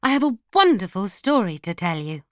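A woman voicing a spoiled, excitable teenage girl of a grand house, with high, loud, haughty outbursts. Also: fairly quick, dry recording, studio quality, close to an everyday voice. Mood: excited.

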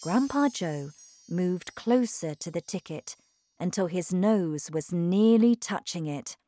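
A woman reads a simple story and its word list very slowly and carefully. Her voice moves in a lively melody. The sound is dry and close. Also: on the low side, no room sound. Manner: careful, clearly paced reading. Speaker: narrator. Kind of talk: slow storybook reading for learners.

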